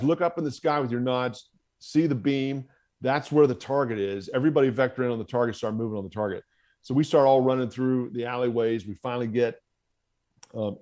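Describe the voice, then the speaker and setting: A man's voice: mid-range voice, darkish tone. A middle-aged American man, a former Marine officer, telling a story as a podcast guest and acting out the voices he quotes. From United States.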